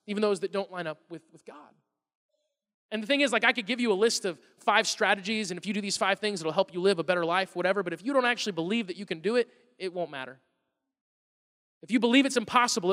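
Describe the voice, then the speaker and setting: A man's voice: high voice, fairly bright tone. A middle-aged man preaching a sermon as a pastor, conversational and then building to emphatic bursts. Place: church hall. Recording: live sermon with long hall reverb.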